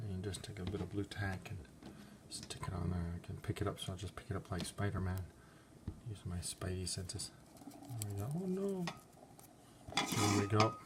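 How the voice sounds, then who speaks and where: A man's voice: fairly low pitch, background noise. A man teaching an online art class in a chatty, encouraging, playful way. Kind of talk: online craft lesson.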